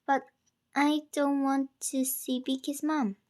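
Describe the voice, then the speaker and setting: A woman's voice: on the high side, slow pace, a little mellow. A woman reading aloud, voicing a frightened, grieving young schoolgirl who pleads and sometimes whispers. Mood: pleading.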